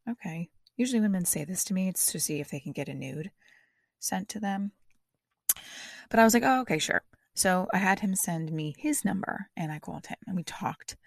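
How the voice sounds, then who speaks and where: A woman with a gravelly, husky voice, talking through a stand-up bit on her podcast. She rambles and restarts with a self-deprecating, chatty manner. Her voice sits a little low, and the sound is dry and close. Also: a little mellow, dry recording. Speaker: comedian and podcast host. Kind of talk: stand-up comedy trial on a podcast.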